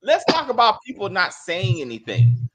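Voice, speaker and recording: A man's voice: sits high, huge pitch swings, moderate pace, fairly bright tone, husky. A man co-hosting a casual spoiler review of a TV episode, joking and breaking into mocking impressions. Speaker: co-host of a TV review show. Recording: muffled lo-fi sound with faint music.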